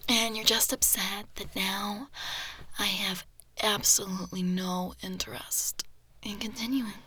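A woman's voice: medium pitch, flat delivery, unhurried, sharp tone, breathy edge. A young woman performing a girlfriend audio role-play, teasing the listener in a playful, mock-offended way and often dropping into a whisper.

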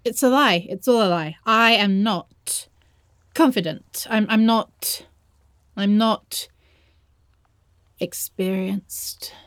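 Girl doing a shy nervous young woman, stammers a lot, slow halting talk, dry close sound. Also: medium pitch, a bit bright, dry recording. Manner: stammering, hesitant, nervous laughter. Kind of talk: audio role-play.

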